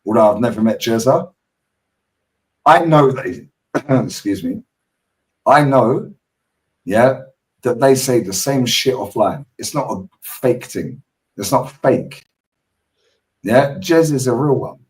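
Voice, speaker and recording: A man with a London accent hosting a casual football stream, telling stories in animated slang with plenty of swearing. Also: medium pitch, takes it slowly, pauses often, far from the mic, rough recording. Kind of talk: casual chat.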